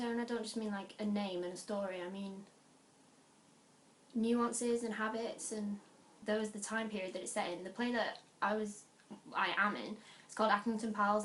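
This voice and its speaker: A young woman from the North West of England with a Lancashire accent, talking to camera in an animated, chatty way, full of quick asides and restarts. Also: fairly high pitch, echoey room, a little hiss or hum. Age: young adult. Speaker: vlogger. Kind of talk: casual chat.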